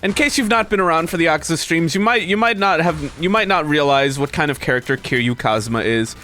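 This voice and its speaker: A man's voice: on the high side, fast, faint music behind. A man streaming a video game, chatting casually with viewers, swearing often and laughing between complaints about his run. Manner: animated, swearing, frequent laughter. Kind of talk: casual gameplay commentary.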